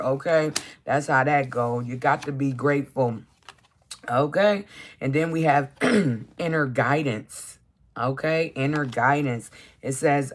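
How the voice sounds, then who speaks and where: A card reader hosting a live stream, chatting casually and encouragingly, reading affirmation cards aloud slowly and tagging nearly every sentence with "okay?". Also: mid-range voice. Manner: reads affirmations aloud slowly, then riffs on them.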